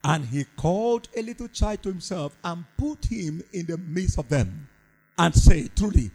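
A man's voice: sits high, lively intonation, unhurried, a little mellow, husky, low-quality recording. A man preaching a sermon, fervent and repetitive, with a sing-song cadence.

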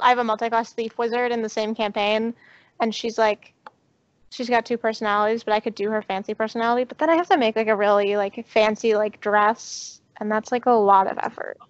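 A woman co-hosting a casual podcast, chatty and playful, rambling through her stories. Her voice sits a little high. The recording is dry and dull. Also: clear, resonant tone, dry recording. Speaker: podcast co-host. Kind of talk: casual chat.

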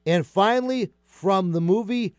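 A man's voice: sits high, unhurried, no room sound, clean studio sound. A man hosting a radio talk show, chatting casually and often filling gaps with "uh" and "you know". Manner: relaxed, with many fillers.

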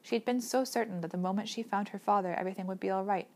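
A woman narrating a novel aloud as an audiobook, steady and measured in her storytelling. Her voice sits at a middling pitch and carries the scene calmly. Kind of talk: scripted narration.

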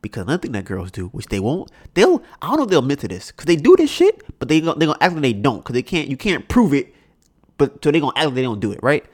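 A man hosting a podcast, telling stories in an animated, profane way and often asking "right?". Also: on the high side, fast, husky. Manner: animated, profane storytelling with many rhetorical "right?"s. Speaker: podcast host. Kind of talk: casual chat.

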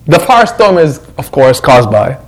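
A man's voice: mid-range voice, normal speed, poor audio. A man, an imam, giving a conversational Quran reflection to his congregation and acting out what others say. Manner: animated, conversational, acts out quotes.

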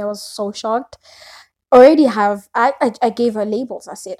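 A woman's voice: mid-range voice, unhurried, darkish tone. A young woman talking casually to her camera at home, rambling on with lots of fillers. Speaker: vlogger.

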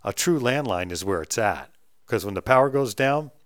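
A man's voice: lively intonation, normal speed, no room sound. Blunt, ranting middle-aged man, dry sound. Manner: blunt and profane, swings between loud outbursts and low mutters. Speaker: vlogger ranting on camera. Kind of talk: heated monologue rant.

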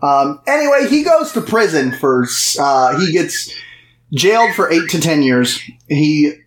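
Young male co-host, higher voice, echoey room, chatty remarks with some swearing. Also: big pitch swings, slight background noise. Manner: quick interjections, chatty and swearing. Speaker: podcast co-host. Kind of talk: casual film discussion. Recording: roomy echo.

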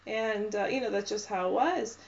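Gravelly woman in a lo-fi recording. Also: medium pitch, moderate pace. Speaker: podcast co-host. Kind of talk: casual chat. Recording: dull lo-fi with faint noise.

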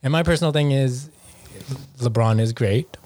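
A man in casual chat with friends, talking in animated bursts and quoting people in quick asides. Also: medium pitch.

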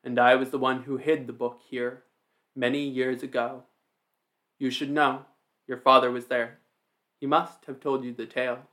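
Storybook ogre woman, ancient, commanding, assertive, level mid-pitched delivery, man reading her. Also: level tone, normal speed, pauses often, pushed and bright, lightly acted. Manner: strong, assertive tone.

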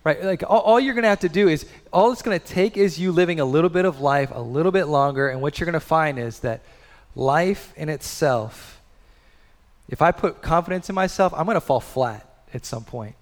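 A man's voice: fairly high pitch, expressive, normal speed, big-room sound. A man in his thirties preaching a sermon in a conversational way, full of rhetorical questions. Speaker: pastor.

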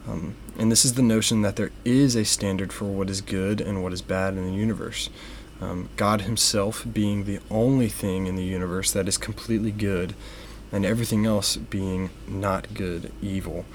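A young man with a fairly low voice co-hosts a casual faith podcast. He explains things slowly and carefully and leans on frequent ums. A faint hiss sits behind the voice. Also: steady tone. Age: young adult. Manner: measured, with many fillers. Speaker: podcast co-host.

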